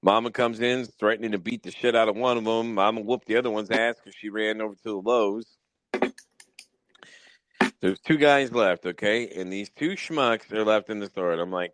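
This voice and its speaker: A man hosting a podcast, telling wild work stories in a casual, profane, animated way. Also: on the low side, moderate pace, no echo, low-quality recording. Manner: profane, animated storytelling with mock exasperation. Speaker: podcast host. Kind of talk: casual storytelling chat.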